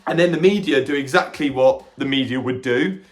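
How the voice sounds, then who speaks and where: A man hosting a podcast, retelling a film with animated energy, jumping into quick character quotes and stumbling over restarts now and then. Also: mid-range voice, soft background music. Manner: occasional stammering restarts. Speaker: podcast host reviewing a film. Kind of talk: casual film reaction recap.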